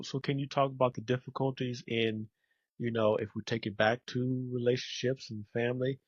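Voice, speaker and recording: A man's voice: on the low side, no echo, dull audio. A man hosting a podcast, talking in an earnest, reflective way and building his points in lists. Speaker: podcast host. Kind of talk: casual podcast conversation.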